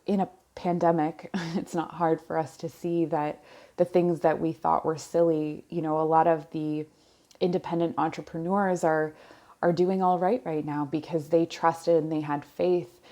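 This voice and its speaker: A woman giving a pick-a-card tarot reading, speaking slowly and softly with searching pauses, wearing headphones. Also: low voice. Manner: slow, soft-spoken, searching pauses. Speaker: tarot reader. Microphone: headphones on, close mic.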